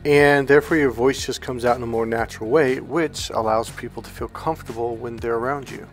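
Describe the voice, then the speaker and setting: A man hosting his own channel as a self-help coach, talking to camera in a relaxed, rambling way that keeps checking in with "okay?". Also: medium pitch, brisk, faint music behind. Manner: rambling and conversational, with restarts and "okay?" check-ins; calm, relaxed, comfortable delivery. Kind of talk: casual direct-to-camera talk.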